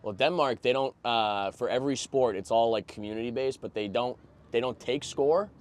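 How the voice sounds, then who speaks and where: A man's voice: mid-range voice, normal speed. A man hosting a podcast in casual chat, laid-back and agreeable. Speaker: podcast host.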